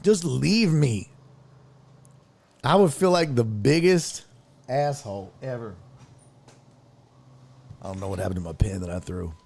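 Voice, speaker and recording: A man in his fifties hosts a podcast, telling a comic story full of swearing and acting out what people said with lively energy. His voice is on the low side, his pace moderate, and he pauses often.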